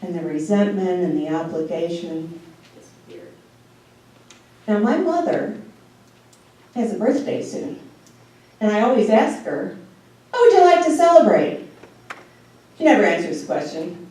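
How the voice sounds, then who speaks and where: A woman in her sixties giving a humorous storytelling speech in an animated way, with drawn-out pauses and laughing asides. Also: medium pitch. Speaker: speech contest speaker. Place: meeting hall. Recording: echoey hall from far off.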